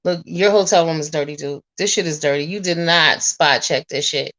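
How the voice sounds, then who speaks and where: A woman in her forties chatting to viewers, telling a story in a blunt, animated, profane way. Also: sits low, moderate pace. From US Northeast. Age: 40s. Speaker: vlogger.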